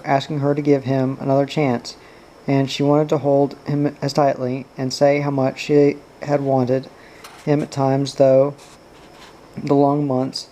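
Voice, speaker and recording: A man narrating a novel aloud in a steady, even way. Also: medium pitch, rough recording. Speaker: audiobook reader. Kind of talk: novel reading.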